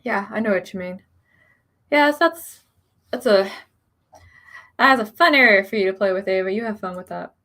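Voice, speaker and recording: Woman, young adult, casual streamer chat, rambling, gravelly voice, middle pitch. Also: moderate pace, pauses often, bright, forceful tone. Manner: chatty, rambling, many fillers, reads comments aloud. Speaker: author streamer. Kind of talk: casual live-stream chat, reading chat comments.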